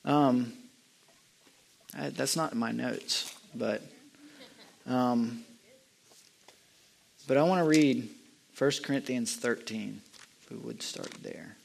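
An earnest young man giving a personal testimony at a middle pitch. He speaks haltingly, restarting his sentences, and swings up into a high, loud voice when the feeling takes him. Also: gravelly. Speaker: lay speaker sharing a testimony.

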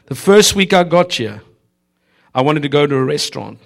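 A man's voice: on the high side, lively intonation, normal speed, creaky. A man preaching a humorous, prophetic sermon to a church congregation, exhorting and speaking to the listeners directly. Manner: exhorting, addresses listeners directly, often laughing. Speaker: visiting preacher.

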